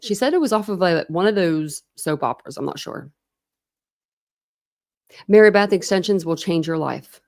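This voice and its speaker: A woman's voice: fairly low pitch, expressive, normal speed, gravelly, long pauses, a little mellow. A woman in her thirties hosting a true crime livestream, chatting casually, laughing and greeting viewers by name.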